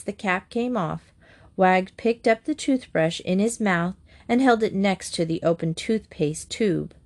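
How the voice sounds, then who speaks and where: A woman narrating a children's book aloud in a gentle, even storytelling manner. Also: medium pitch.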